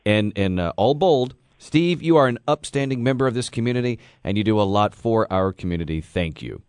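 Deep-voiced male radio news reader. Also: animated, fairly quick, a little mellow, clear, resonant tone, no room sound, clean studio sound. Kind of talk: reading aloud on radio.

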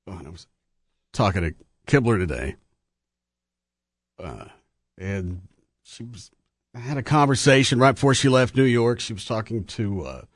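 Animated middle-aged man hosting radio. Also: medium pitch, moderate pace, long pauses, no echo, clean studio sound. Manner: animated, joking storyteller. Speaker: radio show host. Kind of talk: casual studio chat. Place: radio studio.

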